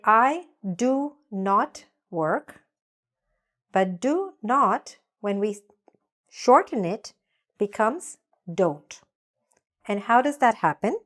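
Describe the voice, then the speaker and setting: A woman teaching English grammar in a patient way, saying example sentences slowly so learners can repeat them. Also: mid-range voice. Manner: slow, patient, spells out examples slowly for repetition. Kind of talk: grammar lesson with repeat-after-me drills.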